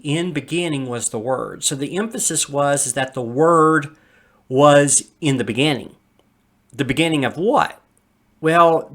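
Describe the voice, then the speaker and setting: A man's voice: on the high side, fairly bright tone. A man hosting a podcast, teaching a Bible passage step by step over a screen share in an explanatory, reassuring way.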